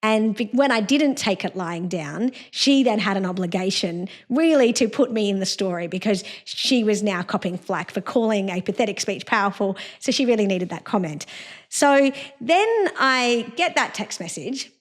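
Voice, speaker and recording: A woman's voice: medium pitch, lively intonation, normal speed. A woman hosting a podcast, giving an indignant, scornful solo commentary with derisive laughs. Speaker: podcast host.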